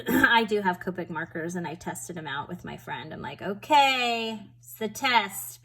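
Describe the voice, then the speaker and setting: A woman's voice: medium pitch, poor audio. A woman talks through a paper craft project at her home table in a loose, rambling way, poking fun at herself as she goes. Her voice sits in an ordinary middle register for a woman. She sounds casual and unscripted, like she is showing a friend. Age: adult with a school-age daughter. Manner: chatty, rambling, self-deprecating. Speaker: papercraft tutorial host.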